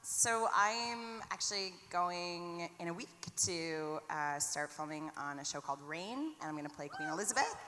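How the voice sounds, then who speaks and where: A woman chatting casually on a convention panel, lively and quick to laugh. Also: on the low side. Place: large convention hall. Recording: reverberant hall with faint noise.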